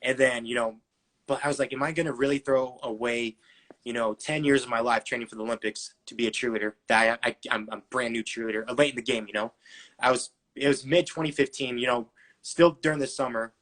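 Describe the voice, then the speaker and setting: A man in his twenties, guesting on a podcast, tells his story casually, packing in fillers and acting out bits of dialogue. He talks fast in a medium-pitched, steady, fairly bright voice.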